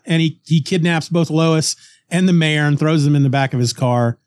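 A man co-hosting a podcast, casually retelling a comic story with lively restarts and snippets of character voices. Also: on the high side, moderate pace, no room sound, clean studio sound. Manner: animated retelling, acts out characters' lines, frequent restarts. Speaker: podcast co-host.

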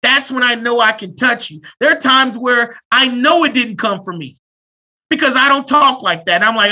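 Loud, blunt man with a bright voice. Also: very high-pitched, moderate pace. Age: 30s. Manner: loud and abrasive, blunt and joking. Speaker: therapist. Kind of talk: casual podcast conversation.

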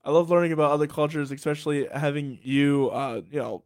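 A man's voice: on the high side, fairly quick. A man hosting a casual interview podcast, asking curious, encouraging questions. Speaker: podcast host.

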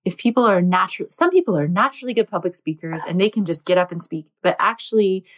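A woman's voice: on the low side, animated, fast talker. A woman interviewing a guest, asking conversational questions with casual fillers. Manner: chatty, uses fillers like 'like' and 'you know'.

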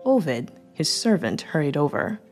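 A woman narrating an audiobook chapter in a measured storytelling manner. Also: deep voice, big pitch swings, darkish tone. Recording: faint music bed.

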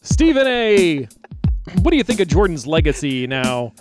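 A man doing a loud, brash male sports radio pundit. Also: fairly high pitch, very animated, over music. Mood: emphatic. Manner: loud, drawn-out sportscaster delivery.

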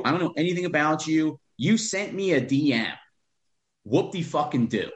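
A man's voice: medium pitch, lively intonation, normal speed, fairly bright tone, roomy sound. A man who is a real estate investor, talking bluntly with profanity as a podcast guest. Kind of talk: podcast interview.

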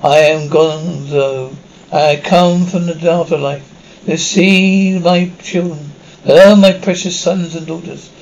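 Stern ghost dad come back from the afterlife to scold his kids, a guy just reading it out, slightly higher voice, muffled lo-fi sound. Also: steady tone, slow pace, darkish tone. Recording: dull lo-fi with faint hiss.

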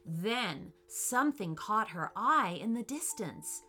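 A woman reads a children's storybook aloud, taking her time and letting her voice rise and fall a great deal. Her tone is bright and clear, and soft music plays under her. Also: medium pitch. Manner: expressive and unhurried. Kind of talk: bedtime storybook narration.

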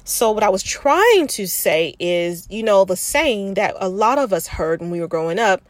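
A woman's voice: mid-range voice, big pitch swings, normal speed, hardly any pauses, no echo. A woman hosting a candid self-help podcast, talking frankly and reflectively to the listener as if to a sister, thinking aloud with restarts. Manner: frank, confiding, addresses listener as sis. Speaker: podcast host.

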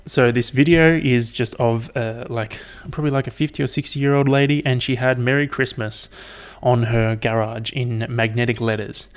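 A man's voice: mid-range voice, fairly even intonation, normal speed, hardly any pauses, clear, resonant tone. A young man hosting a casual solo podcast, rambling and swearing with lots of fillers. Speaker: podcast host.

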